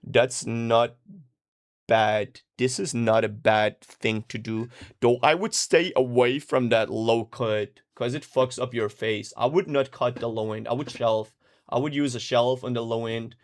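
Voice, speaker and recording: A relaxed male mix engineer chats casually while answering viewer questions, swearing freely and dropping into lively storytelling. His voice sits at an ordinary middle pitch. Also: unhurried. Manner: laid-back, profane, animated storytelling. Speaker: music producer and mix engineer. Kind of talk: casual livestream Q&A.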